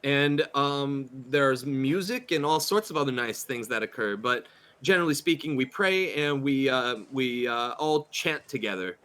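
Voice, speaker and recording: A man voicing an excitable, effusive woman who gushes about her church, halting with many fillers. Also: medium pitch, clear, resonant tone, natural voice. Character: gushing, excitable female churchgoer friend.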